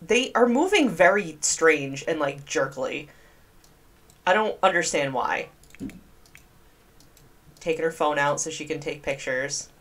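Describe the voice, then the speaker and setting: A woman's voice: low-pitched, animated, unhurried, pauses often. A young woman giving casual gameplay commentary, chatty, gasping and squealing in disgust. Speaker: gaming video creator.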